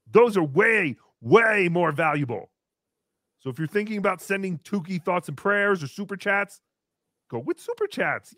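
A man's voice: high voice, bright, forceful tone, no room sound, studio quality, heavily acted. A man voicing a small, crude, giggly green puppet creature who hosts a comedy stream, reads out donations and talks about himself in the third person. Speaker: puppet host reading donations. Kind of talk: comedy livestream puppet act.

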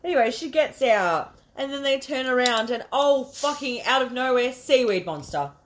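A woman's voice: sits high, expressive, moderate pace. A woman co-hosting a casual movie podcast, swearing freely and laughing often. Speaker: podcast co-host. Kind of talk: casual movie review chat.

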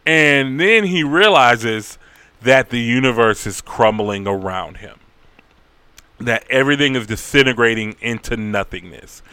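A man casually recapping a story, rambling, profane and animated. His voice is bright and crisp, and the sound is dry and close. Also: mid-range voice, measured pace, no room sound.

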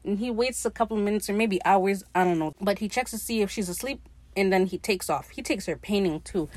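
A woman's voice: medium pitch, fairly quick, a little mellow, no echo. A woman recapping a TV episode in a casual, profane, gushing way, acting out the characters' lines in her own voice. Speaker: podcast host.

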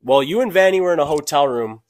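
A young man with a somewhat high voice co-hosts a podcast, teasing and joking in a relaxed chat. His voice sounds dry and close, with no room echo. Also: quick pace. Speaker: podcast co-host. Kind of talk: casual chat.

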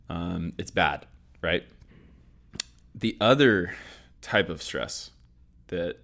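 A man with a low, fairly bright voice hosts a sport and performance psychology session. He's upbeat and keeps repeating his main points in a scripted educational talk.

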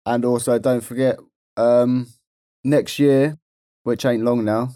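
Man, podcast co-host, mellow voice, joking banter, dry recording. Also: medium pitch, steady tone, slow pace, dry recording. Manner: jokey, chatty banter. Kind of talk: casual chat.

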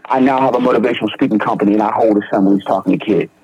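A man's voice: lowish voice, racing, husky, muffled recording. A young man from Philadelphia, telling his recovery story in conversation with slang and repeated starts. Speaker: guest in recovery. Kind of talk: personal testimony in conversation.

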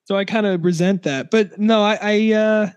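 Male podcast guest, higher voice, joking, reverberant room sound. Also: a little mellow, clean tone, lo-fi sound. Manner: joking, irreverent. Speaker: podcast co-host. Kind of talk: casual podcast chat.

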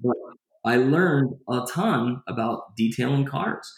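Speaking slowly at a medium pitch, a male guest in a casual interview relates something from his own life, rambling and restarting sentences as he goes. His retelling is lively, and the room has an echo.

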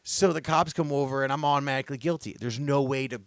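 A young man hosts a podcast in a loose, rambling way, tripping over his words and restarting sentences. He gets louder and more worked up as he retells a story. His voice sits at an ordinary middle pitch, and the sound is close and dry, with no room around it. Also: fast, dry recording. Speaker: podcast host. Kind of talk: casual podcast chat.

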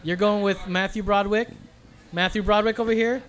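Guy running a trivia round with his buddies, high voice, hammy game-show reads. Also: steady tone, fairly quick, fairly bright tone. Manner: playful, teasing, game-show announcing. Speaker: quiz host. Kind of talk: casual podcast quiz banter.

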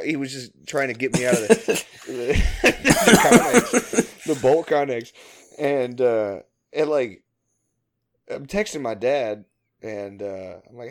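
A man's voice: medium pitch, expressive, brisk. A man chatting casually, telling a long, rambling, profane work story full of fillers. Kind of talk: casual chat.

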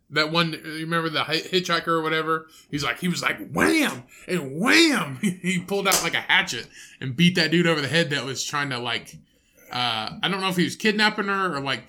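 A man's voice: on the high side, bright, forceful tone. Loose, swearing male podcast co-host. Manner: loose and profane, laughs often, trails off. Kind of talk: casual chat.

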